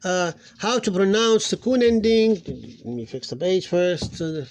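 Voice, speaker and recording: A man with a fairly high voice leads a relaxed phonics lesson at a slow, unhurried pace. He muses aloud, stops to correct himself, and draws out each example word so it can be heard clearly. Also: slight background noise. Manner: thinks aloud, self-correcting, drawn-out model words. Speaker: Arabic phonics teacher. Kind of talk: informal recorded lesson.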